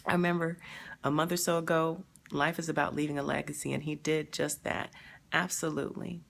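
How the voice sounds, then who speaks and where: A woman hosting a live stream, talking emotionally and haltingly, sad and near tears, pausing to answer viewer comments. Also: sits low, little pitch movement, vocal fry, noisy background. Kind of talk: grieving live stream reaction.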